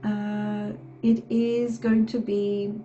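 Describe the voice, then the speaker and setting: A woman's voice: mid-range voice, level tone, extremely slow, warm tone, lo-fi sound, slight background noise. A woman with a nasal, stuffed-up voice from a cold gives a rambling tarot reading, often checking in with "okay". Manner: meandering, reassuring, frequent "okay". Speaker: tarot reader. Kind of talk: casual tarot reading to camera.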